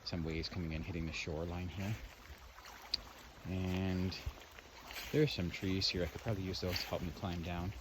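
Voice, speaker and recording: A man's voice: low voice, steady tone, moderate pace. A man from Canada in casual walking commentary, rambling and chatty as he describes a lakeside trail outdoors into a handheld camera. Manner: rambling, chatty, narrates what he sees while walking. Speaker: hiking vlogger. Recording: dull lo-fi outdoor recording with loud background noise.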